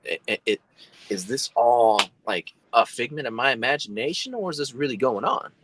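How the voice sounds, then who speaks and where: A man's voice: mid-range voice, animated, normal speed, noisy background. A man, a guest telling a long story on a video call, rambling with many fillers and restarts. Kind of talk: casual storytelling.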